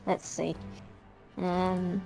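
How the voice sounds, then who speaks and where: A woman's voice: lowish voice, level tone, drawn-out words, creaky, warm tone, soft background music, rough recording. A woman playing a tabletop game, talking casually and giggling often. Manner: giggly and playful. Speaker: player. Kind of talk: casual play chat.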